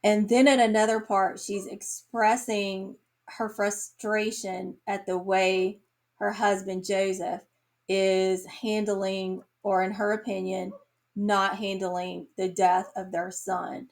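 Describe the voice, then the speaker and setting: A woman reviewing books on her vlog, talking in a slow, earnest and emotional way, tearing up at times. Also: medium pitch, little pitch movement, vocal fry. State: tearful. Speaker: book reviewer. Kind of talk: casual book review vlog.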